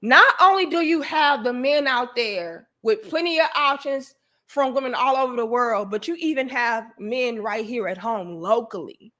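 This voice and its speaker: A woman's voice: a little high, expressive, normal speed, bright, forceful tone. A woman hosting a livestream, delivering an emphatic, profane, preachy rant to her viewers. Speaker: livestream host.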